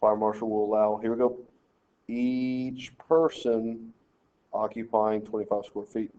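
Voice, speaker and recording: A man in a recorded math lesson works each problem aloud step by step and tells his students how to set out their work. His voice is mellow and dark-toned. The audio is dull and lo-fi, like a screencast mic. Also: on the low side, steady tone, measured pace. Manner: talks through problems step by step, directing students. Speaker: math teacher.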